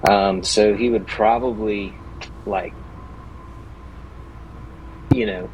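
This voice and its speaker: Hesitant man with a lowish voice. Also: fairly even intonation, slow pace, crowd noise, low-quality recording. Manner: hesitant, many fillers and restarts. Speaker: player. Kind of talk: casual in-game discussion.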